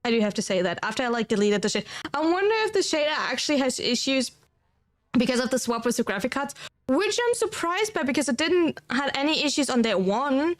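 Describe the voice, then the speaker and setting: Quick and sing-song, a high-pitched German woman with a German accent hosts a casual livestream. As she responds to chat, she rambles and fills the gaps with "like."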